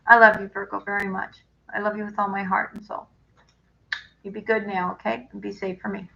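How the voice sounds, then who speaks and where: A woman with a bright, forward voice talks affectionately to her live viewers as a tarot reader, often tagging her sentences with a questioning check-in. The audio is dull and lo-fi, like a home live stream. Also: medium pitch, little pitch movement, fairly quick, vocal fry. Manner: affectionate, chatty, with many "right?" check-ins.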